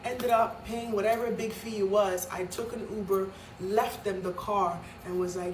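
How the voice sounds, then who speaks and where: A woman's voice: mid-range voice, steady tone, normal speed, few pauses, background noise. A woman from Nigeria telling a story in a vlog, dramatic and emphatic, with many fillers. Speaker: vlogger. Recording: echoey room, mic at a distance.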